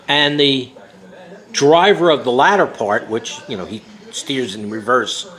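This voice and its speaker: A man's voice: mid-range voice, a little slow, a bit bright, poor audio. Rambling older man telling a memory. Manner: rambling storytelling with many fillers. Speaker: memoir author. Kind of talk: reading and recounting his memoir.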